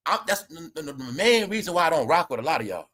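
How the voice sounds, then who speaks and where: High, bright-voiced man laughing through gossip. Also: sing-song, quick pace. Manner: loud, laughing, repetitive, addresses viewers as y'all. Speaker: commentary host. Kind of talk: live-stream gossip commentary.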